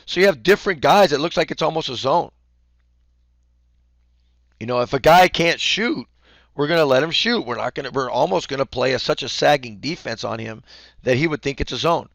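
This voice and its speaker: A man coaching basketball, explaining defense casually and acting out the calls he yells courtside. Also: on the high side, animated, fairly quick, gravelly, no room sound, studio quality. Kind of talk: instructional talk.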